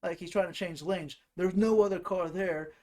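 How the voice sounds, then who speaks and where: A man's voice: sits high, fairly even intonation, moderate pace, darkish tone. A man hosting his own channel, telling rambling comic stories in a casual way, laughing at his own jokes. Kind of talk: casual comedic storytelling.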